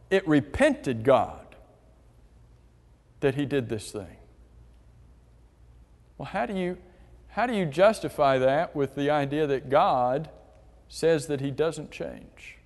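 A man's voice: fairly high pitch, expressive, slow, pauses often. A man teaching a church Bible class, asking the class questions and reading scripture aloud. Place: church hall. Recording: long hall reverb.

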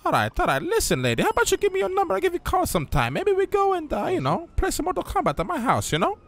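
Brief: crude flirting cabbie, very high and fast, dry close mic. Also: male voice, wildly swooping pitch, exaggerated voice. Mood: leering. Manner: crude, swears constantly, tags lines with "man" and "hmm?". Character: brash foul-mouthed male taxi driver, pushy flirt. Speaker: streamer playing a taxi driver. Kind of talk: improvised role-play.

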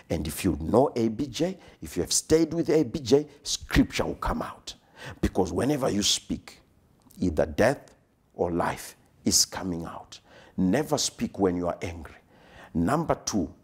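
A man's voice: low voice, darkish tone, husky. A man preaching a sermon in an emphatic, repetitive cadence, sometimes dropping to a whisper for emphasis.

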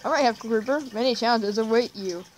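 A woman's voice: a little high, quick pace, a little hiss or hum, natural voice, rough recording. A woman reading out a game's friendly male professor, in a plain voice close to her own. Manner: reading game dialogue aloud in a plain voice. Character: friendly male Pokemon professor, welcoming and eager.

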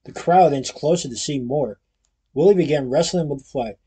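A man reads a storybook aloud in a steady, even manner, now and then going back over a word. His voice sits a little high for a man and has a husky grain. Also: moderate pace. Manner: steady reading with occasional restarts. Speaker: storybook reader.

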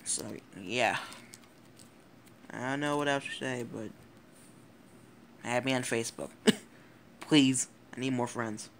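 Giggly teen guy with a gravelly voice. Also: medium pitch, fairly even intonation, slow pace, long pauses, a bit bright, a little hiss or hum. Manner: giggly, rambling, swears often, self-interrupting. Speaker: YouTuber. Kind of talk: casual rambling vlog commentary.

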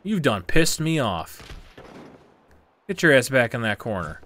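A man's voice: medium pitch, sing-song, a little slow, pauses often, fairly bright tone. A man giving casual commentary over a wrestling video game, swearing and heatedly trash-talking his opponent. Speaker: gaming channel host.

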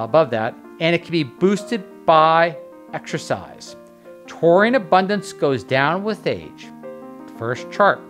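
A man's voice: on the high side, fairly bright tone. A man hosting a health show, reading quotes from a study aloud and breaking off to add his own remarks, with fillers and restarts. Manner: reads quotes aloud, then adds asides with fillers.

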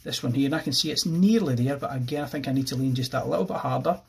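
A man with an Irish accent explaining a pencil drawing step by step as he works, relaxed and thinking aloud. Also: medium pitch, fast talker, creaky, husky. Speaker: art teacher. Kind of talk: drawing tutorial narration.

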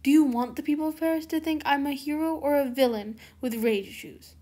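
Woman voicing a teen superhero girl, high voice, heated, fan fiction reading. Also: a little slow, darkish tone. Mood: angry. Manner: raised, heated delivery. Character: young teen superhero girl, angry and upset.

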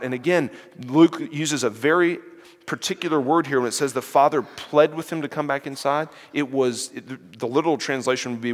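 A man giving an animated sermon-style lecture, retelling a parable and voicing its characters, with fillers and restarts. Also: on the high side. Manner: animated, acts out the parable's characters in quoted voices. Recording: long hall reverb.

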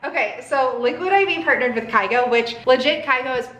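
A woman's voice: high-pitched, fairly quick, a little hiss or hum. Gushy young woman vlogger, echoey room. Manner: excitable, gushing, frequent fillers. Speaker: lifestyle vlogger. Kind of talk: casual vlog talk to camera. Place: apartment, indoors.

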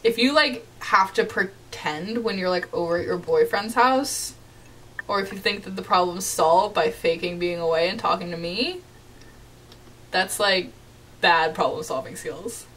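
A woman's voice: on the low side, a little slow, fairly bright tone, distant mic. A young woman chatting casually through a let's-play of a game from her bedroom, reading chat messages aloud with a giggly, playfully dramatic manner. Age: young adult. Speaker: gaming YouTuber. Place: home bedroom.

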